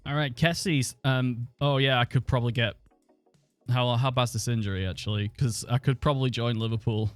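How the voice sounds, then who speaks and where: A man's voice: medium pitch, steady tone, brisk, dry recording, faint music behind. A man chatting and thinking aloud as he streams a football management game, swearing now and then. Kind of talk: casual live-stream commentary.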